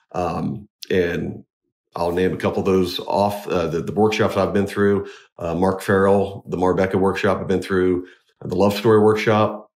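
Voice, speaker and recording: Low voiced dj guy chatting in an interview, lots of ums and restarts, earnest. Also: darkish tone. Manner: halting, many restarts and fillers, earnest. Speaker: wedding DJ and MC, guest. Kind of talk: casual interview conversation.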